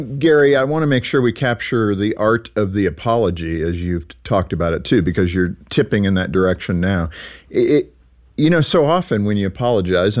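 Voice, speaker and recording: A man hosting an interview show, chatty and quick to laugh as he frames questions for his guest. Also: on the low side, a little mellow. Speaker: radio show host.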